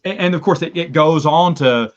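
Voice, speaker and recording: A man in casual podcast chat, telling the story animatedly and acting out his reactions with sudden high yelps. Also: moderate pace. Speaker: podcast co-host. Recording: slightly dull, lo-fi sound.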